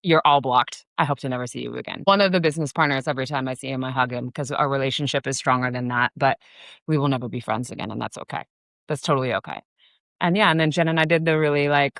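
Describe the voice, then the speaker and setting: A woman's voice: deep voice, clear, resonant tone, no room sound. Woman, 40s, from the US, bar owner; casual, swearing, filler-heavy storyteller, dry close sound. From United States. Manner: profane, animated storyteller with many fillers.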